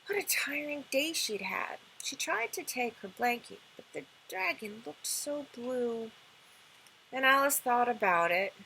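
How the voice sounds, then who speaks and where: A woman reading a children's picture book aloud, gentle and expressive. Her voice sits high and bright, and she takes the lines slowly. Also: vocal fry, a little hiss or hum, rough recording. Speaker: children's librarian.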